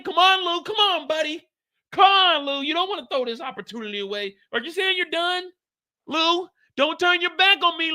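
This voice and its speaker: A man's voice: sharp tone, full character voice. A man doing a whiny, pleading label boss. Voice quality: high whiny pleading, wails. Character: pleading record label man, adult male, clingy.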